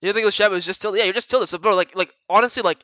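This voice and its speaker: A man's voice: sits high, very fast, sharp tone, no echo. A man giving blunt, profane, rambling coaching talk to viewers in a casual livestream chat. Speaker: retired pro gamer coaching viewers.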